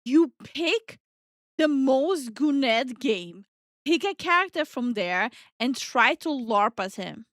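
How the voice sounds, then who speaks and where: A woman co-hosts a casual reaction stream, ranting with exasperated energy. Her voice sits fairly high. It is recorded dry and close on a desk mic. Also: lively intonation, slow pace, a bit bright, no echo. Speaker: VTuber co-host.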